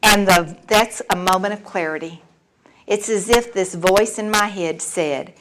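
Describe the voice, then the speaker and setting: A middle-aged woman sharing her personal recovery story at a meeting, animated, laughing often and acting out the voices of the people she quotes. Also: mid-range voice, a little slow, a little hiss or hum, low-quality recording. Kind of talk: personal testimony talk.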